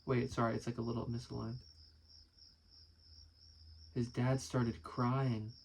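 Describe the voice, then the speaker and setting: A man's voice: mid-range voice, flat delivery, slow, creaky, slight background noise, rough recording. A man casually reading aloud and commenting, amused and chatty, swearing now and then. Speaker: musician and video creator.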